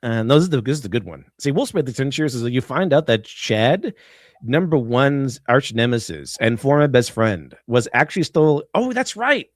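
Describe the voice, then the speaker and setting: A male live-stream host in relaxed, rambling chat, laughing between thoughts. His pitch swings a lot as he talks, and the sound is dry and close. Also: normal speed, no room sound. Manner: rambling and laughing, reading super chats aloud. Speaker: show host.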